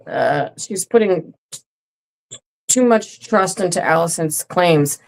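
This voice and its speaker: A woman's voice: fairly low pitch, slow, vocal fry. A woman co-hosting a podcast, chatting casually and bluntly about a TV episode, swearing freely. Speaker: podcast co-host. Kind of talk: casual recap chat.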